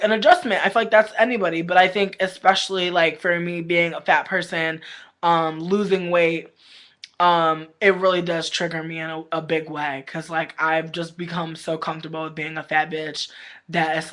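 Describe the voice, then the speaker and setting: A woman's voice: fairly low pitch, flat delivery, moderate pace, fairly bright tone. A woman vlogger in casual livestream chat, talking candidly with lots of slang, swearing and rambling fillers. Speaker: vlogger reviewing a reality show.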